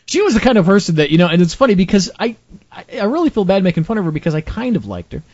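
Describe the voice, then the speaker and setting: High-voiced teasing man, lo-fi sound. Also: big pitch swings, racing, a little mellow. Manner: joking, teasing storyteller. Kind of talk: casual chat. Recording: dull lo-fi sound.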